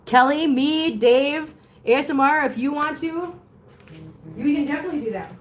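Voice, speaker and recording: A woman with a high voice speaks at a normal speed as she runs a casual home livestream, chatting to her viewers and cooing over her cats. The room has litter boxes, and her phone captures an echoey space with faint background noise.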